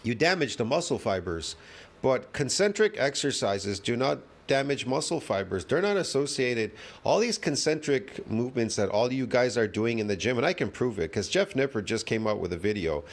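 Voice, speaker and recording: A middle-aged man talks through a reaction video in a loose, rambling way. He leans on sarcasm, often jumps up in pitch to mock, then sinks into low, quiet asides. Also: big pitch swings, moderate pace. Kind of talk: casual reaction commentary.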